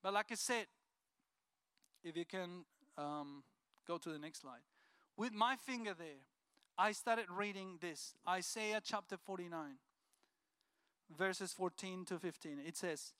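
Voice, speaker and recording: A man shares an earnest, heartfelt personal testimony. His voice sits high and bright, smooth and clear, recorded with a dry, close sound. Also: unhurried, long pauses, no room sound. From Colombia. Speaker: speaker sharing a personal testimony. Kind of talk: emotional personal testimony talk.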